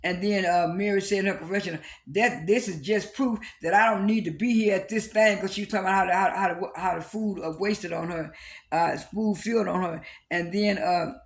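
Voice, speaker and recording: A man recapping a reality TV episode in a casual, halting way, with lots of fillers and repeated restarts. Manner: briefly acts out quoted cast lines with raised pitch.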